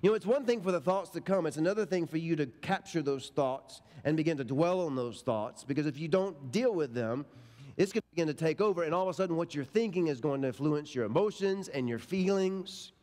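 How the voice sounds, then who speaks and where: A man's voice: on the high side, lively intonation, brisk, a little mellow. A middle-aged male pastor preaching a sermon, telling stories in an emphatic, folksy way. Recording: long reverb of a large hall.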